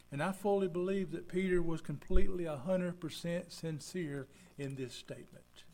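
A man's voice: a little high, fairly even intonation, normal speed, few pauses, dark tone. A man preaching a folksy sermon as pastor, acting out the people he quotes. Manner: folksy, acts out quoted voices.

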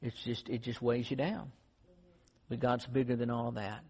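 Earnest and conversational, a man tells stories through a sermon that closes in prayer, recorded in a reverberant hall with dull lo-fi sound. He speaks at a moderate pace in a level, mid-range voice that is darkish and slightly rough.

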